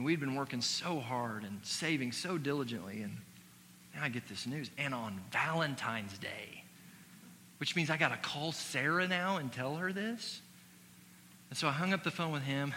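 A man in his thirties preaching a sermon as pastor. He shifts between emphatic exhortation and quiet personal storytelling. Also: mid-range voice, expressive, moderate pace. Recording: long hall reverb with faint hum.

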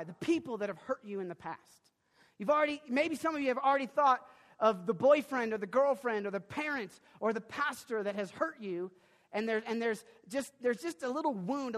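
High-voiced young man preaching in a hall. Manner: animated, with sudden loud bursts and many restarts. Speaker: pastor. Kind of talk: sermon with personal storytelling. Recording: long reverb of a large hall.

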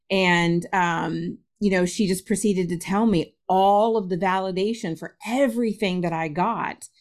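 Animated woman telling a story, laughing often. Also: lowish voice. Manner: laughs often, acts out quoted voices. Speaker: spiritualist medium, podcast guest.

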